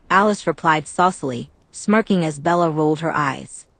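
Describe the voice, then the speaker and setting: A woman narrating a fan-fiction audiobook in a steady, even reading. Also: low-pitched, moderate pace, vocal fry, few pauses, no room sound.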